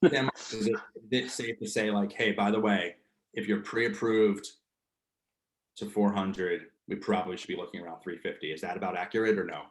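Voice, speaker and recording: A man's voice: fairly low pitch, fairly even intonation, moderate pace, roomy sound. A man with a New Jersey accent, leading a real estate training session in a casual, slangy way, full of fillers. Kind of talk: casual coaching talk.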